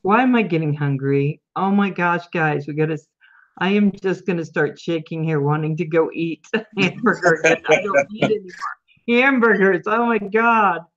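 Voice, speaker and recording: A woman's voice: lowish voice, moderate pace. Chatty older woman on muffled call audio. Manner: chatty, giggly. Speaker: host. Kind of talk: casual chat on a video call.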